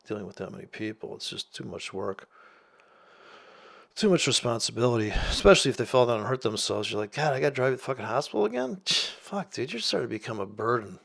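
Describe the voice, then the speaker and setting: A man's voice: fairly low pitch, lively intonation, normal speed, creaky, a bit bright, husky. A man delivering a profane, sarcastic rant as a trading vlogger, swearing constantly and mocking people in put-on voices. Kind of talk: profane ranting monologue.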